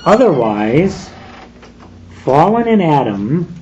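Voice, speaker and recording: A man preaching a sermon in a deliberate, emphatic way, leaning on slow, stressed phrases. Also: fairly high pitch, very animated, darkish tone, muffled recording, a little hiss or hum. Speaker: pastor.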